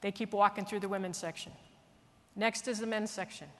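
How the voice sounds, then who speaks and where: A woman military leader telling a story in an earnest, animated way, speaking at a conference. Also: mid-range voice, a little fast. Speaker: military leader giving a speech. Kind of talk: storytelling speech. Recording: long reverb of a large hall.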